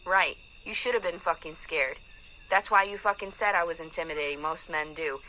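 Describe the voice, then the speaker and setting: A woman's voice: lowish voice, moderate pace, sharp tone, a little hiss or hum, rough recording. A woman in an angry, profane rant, taunting and aggressive, swearing constantly. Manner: mocking sing-song put-on voices.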